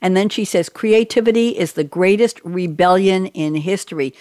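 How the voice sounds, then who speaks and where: A woman's voice: medium pitch, moderate pace, a little mellow, dry recording. Woman host, effusive and laughing often, dry close sound. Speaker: show host. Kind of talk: hosting a panel show.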